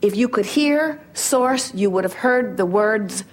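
A woman's voice: mid-range voice, expressive, a little slow. A middle-aged woman giving an emphatic inspirational talk to a gathering, acting out little dialogues to make her points. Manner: emphatic, playful, acts out dialogues. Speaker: spiritual teacher.

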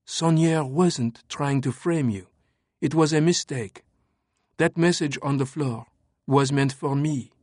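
A man's voice: on the high side, slow pace, no echo, clean studio sound, voice pushed up. A man voicing an urgent young French woman cryptographer in an audiobook, speaking earnestly and pressing her point. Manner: earnest, pressing, explaining calmly. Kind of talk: audiobook narration.

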